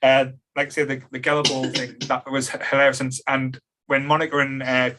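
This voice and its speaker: A man's voice: mid-range voice, level tone, a little fast, pushed and bright, a little hiss or hum. A man hosting a podcast in casual chat, rambling with fillers and restarts and laughing easily. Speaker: podcast host.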